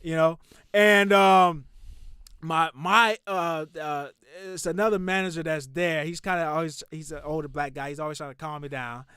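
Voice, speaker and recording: A young man hosting a podcast, telling a long story in a loud, profane, animated way that drops to muttering. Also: fairly high pitch, moderate pace, smooth, no room sound, studio quality. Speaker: podcast host.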